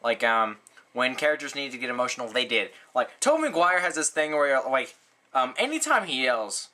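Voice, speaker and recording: A man giving a casual movie review, rambling and sarcastic, with lots of "like" and "um" fillers. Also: moderate pace. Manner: rambling, full of "like" and "um", sarcastic asides; animated, frequent jumps in pitch.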